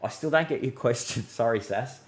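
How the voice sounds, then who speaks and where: A man's voice: mid-range voice, a little fast. Australian male weather host, middle-aged, casual matey live-stream chat, reads comments and laughs easily.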